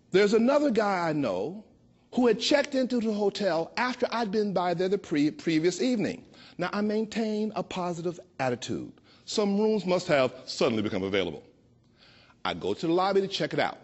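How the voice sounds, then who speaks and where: A man in his sixties from Chicago, telling a personal story with a playful, expressive delivery that slows down for emphasis. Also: sits high. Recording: dull lo-fi recording.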